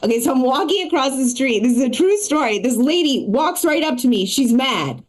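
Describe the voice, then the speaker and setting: A woman performing a stand-up comedy set and hosting a live show, talking in a quick, chatty way full of asides. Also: high-pitched, animated.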